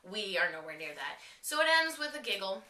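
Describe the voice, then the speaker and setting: A woman giving a casual, excitable TV episode review, full of slang and swearing, acting out the characters' lines. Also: mid-range voice, a little fast. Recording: roomy echo, mic a bit distant.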